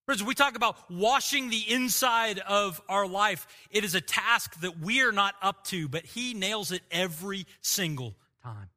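A male pastor delivering an earnest, emphatic sermon, with pauses and small restarts. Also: high-pitched, pushed and bright.

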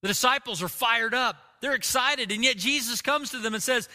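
A man preaching a sermon as pastor, telling the story in an animated way and acting out the people in it. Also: very high-pitched, brisk, few pauses. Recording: long reverb of a large hall.

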